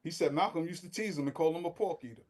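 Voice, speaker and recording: A man's voice: a little high, fast, a little mellow. A man in a laid-back way, joining in a casual discussion as a podcast guest.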